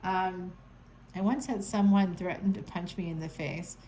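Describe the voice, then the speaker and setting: A woman reads tarot cards in a casual, rambling way, mixing card names with sarcastic asides. Her voice sits fairly low for a woman. A faint background hiss sits under the talk. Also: a little slow, mellow, poor audio. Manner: playful, sarcastic, chatty with frequent laughs. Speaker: tarot reader. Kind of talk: casual tarot reading to camera. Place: home.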